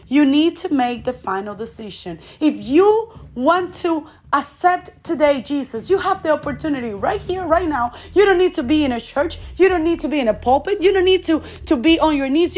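A woman's voice: high voice, animated, moderate pace, hardly any pauses, a little mellow. A woman preaching a recorded sermon, earnest, asking rhetorical questions and then leading listeners in prayer. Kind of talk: recorded sermon with altar call.

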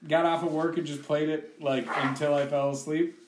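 Excitable swearing podcast guy. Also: on the high side, normal speed, noisy background. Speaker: podcast co-host. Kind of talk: casual chat. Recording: echoey room.

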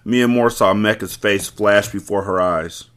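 Low-voiced man reading a novel aloud. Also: measured pace, a bit bright. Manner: wry, joking asides. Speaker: host, book reader. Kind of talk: audiobook-style reading with commentary.

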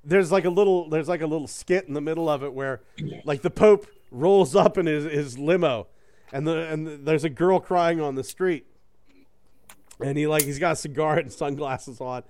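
A man's voice: a little high, moderate pace. A man in casual conversation, chatting on a talk show with a slightly raised voice. He rambles, restarts, swears, and laughs between sentences, retelling a comedy song with gusto. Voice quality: animated storyteller, breaks into voices for quotes. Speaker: podcast co-host. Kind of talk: casual chat.

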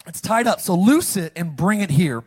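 With a husky, high-pitched voice at a moderate pace, a pastor reads scripture and leads his congregation in call-and-response. His animated sermon is punctuated by abrupt loud outbursts.

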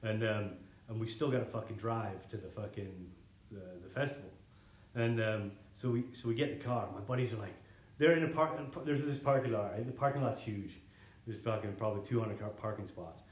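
A man's voice: lowish voice, fairly quick. A young man telling a long rambling story in casual chat, swearing often. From Canada. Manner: rambling, swears a lot, laughs through the story. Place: living room. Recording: echoey room.

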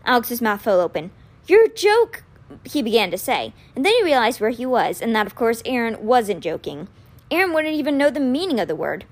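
A woman reads a children's novel aloud, recapping and then narrating chapter by chapter. Her voice is fairly high and very lively in pitch, with an expressive storyteller's delivery. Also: brisk. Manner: expressive, animated.

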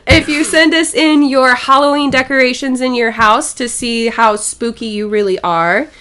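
A woman co-hosting a casual podcast, giggly and excitable. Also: high-pitched, moderate pace. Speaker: podcast co-host.

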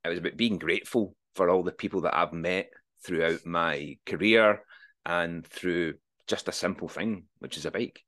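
Forties male guest, deep-pitched, earnest and open, drops the odd swear. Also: moderate pace, a bit bright. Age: 40s. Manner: earnest, reflective, swears freely. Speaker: podcast guest. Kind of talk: candid interview conversation.

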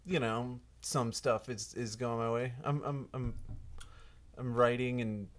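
Halting, mumbling male podcast host. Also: mid-range voice, fairly even intonation. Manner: mumbling, halting delivery with many restarts. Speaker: podcast host and stand-up comic. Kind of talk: casual chat.

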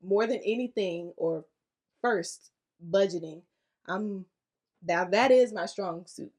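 A woman's voice: mid-range voice, slow, darkish tone. A woman co-hosting a casual podcast chat, speaking candidly and thoughtfully with easy laughter. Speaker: podcast co-host.

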